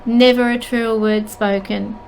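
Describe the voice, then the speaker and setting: Slow, heartfelt middle-aged woman medium. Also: a little high, little pitch movement, creaky, a little mellow, slight background noise, poor audio. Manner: heartfelt, halting, emotional. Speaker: spiritual medium and channel host. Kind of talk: earnest personal storytelling.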